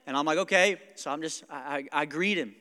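A young male pastor preaching in a church hall, his high, bright voice rising with energy. He talks conversationally, with quick asides to the listeners, and a long reverb trails each phrase. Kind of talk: sermon. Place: church sanctuary.

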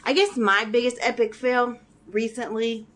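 A woman in her thirties, a mother, casually telling a funny story about a mishap with a relaxed, laughing manner. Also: on the high side, moderate pace.

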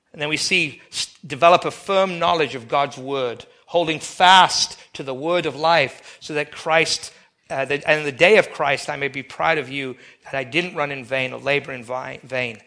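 A man preaching a sermon as pastor, animated, with sudden loud emphatic bursts. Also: mid-range voice, normal speed.

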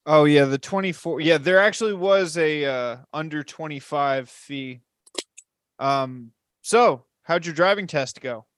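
A young man in his twenties throws in crude, teasing jokes as a podcast co-host. His voice sits a little higher than most men's. The recording is dry and close. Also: unhurried, a bit bright, no room sound. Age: 20s. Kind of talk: casual banter.

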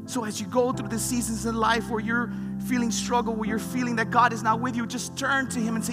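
A man's voice: extremely high pitch, flat delivery, a little fast, hardly any pauses. A man preaching a sermon, retelling scripture stories with rising fervor. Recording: long reverb with music behind.

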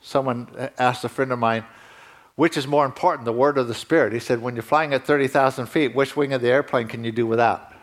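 A man's voice: mid-range voice, fairly even intonation, fairly quick. Conversational male pastor preaching. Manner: conversational preaching, rising emphatically at key points. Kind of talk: sermon.

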